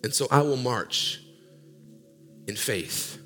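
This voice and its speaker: A male pastor preaching a sermon, swinging from loud sung peaks down to low murmurs in call-and-response style. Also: slow pace. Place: church sanctuary. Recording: long hall reverb with faint music.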